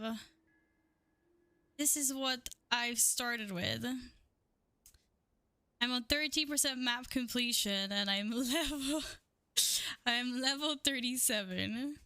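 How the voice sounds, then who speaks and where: Bright-voiced chatty woman streamer. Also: fairly high pitch, dry recording. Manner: chatty, giggly, talks to chat and herself. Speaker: game streamer. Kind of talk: casual live-stream chat while gaming.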